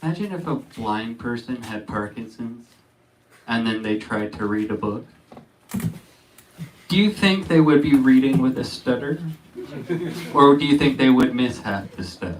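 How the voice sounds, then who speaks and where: A man hosting a comedy club night, introducing acts in a slow, halting, rambling way. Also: medium pitch, animated. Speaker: comedy show host. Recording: distant mic, faint noise.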